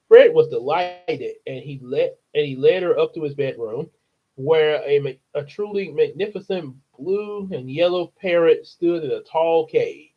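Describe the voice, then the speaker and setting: A man's voice: a little high, muffled recording. A man reading a children's novel aloud in a casual way, with chatty asides to his listeners. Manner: chatty asides, laughing, unhurried. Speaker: storyteller. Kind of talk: casual storybook read-aloud.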